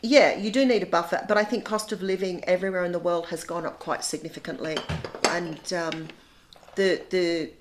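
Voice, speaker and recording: A middle-aged woman with an Australian accent chats away in a fairly low voice. She talks freely and often restarts her sentences as she goes. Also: fairly even intonation, normal speed, background noise. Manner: chatty, repeats words when restarting. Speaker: guest, bed and breakfast owner. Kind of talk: casual chat.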